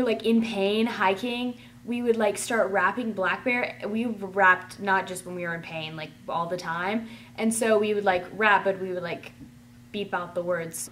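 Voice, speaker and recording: A woman telling a rambling, chatty storytime, full of "like" and excited gushing. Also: medium pitch, a little hiss or hum. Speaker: vlogger. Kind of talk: casual storytime.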